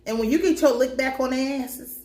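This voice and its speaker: A woman giving a casual, blunt and profane recap of a TV episode, telling it in an animated way. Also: high-pitched, a little fast, roomy sound. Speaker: TV recap commentator.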